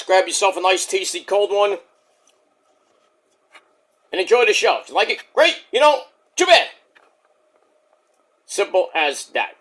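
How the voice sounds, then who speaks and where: A man's voice: high voice, fairly bright tone. A man giving a brash, boastful, rambling spiel to open his own channel's video. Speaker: YouTuber.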